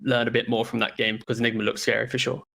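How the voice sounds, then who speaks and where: A man's voice: medium pitch, fast, gravelly. A man giving casual esports panel analysis in an offhand manner. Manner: casual, flat delivery.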